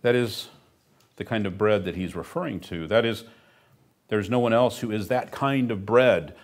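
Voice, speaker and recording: A man's voice: on the low side, moderate pace. A middle-aged man preaching a sermon as pastor, emphatic and earnest, with dry humorous asides.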